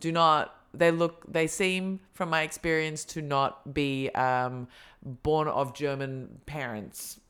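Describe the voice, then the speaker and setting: A woman's voice: sits low, steady tone, takes it slowly, a bit bright, clean tone. A young woman chatting casually as a podcast co-host, telling stories expressively and often laughing. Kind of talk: casual chat.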